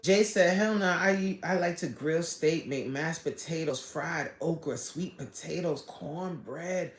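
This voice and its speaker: A woman's voice: low voice, unhurried. Laughing woman streamer in an echoey room. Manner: laughs often, reads chat comments aloud. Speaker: live stream host reading chat. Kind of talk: casual live chat.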